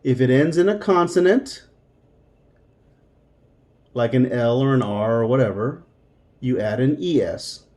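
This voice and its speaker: Slow, mellow-voiced male Spanish teacher. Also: mid-range voice, lively intonation. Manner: patient, explains step by step, repeats words. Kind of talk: recorded language lesson.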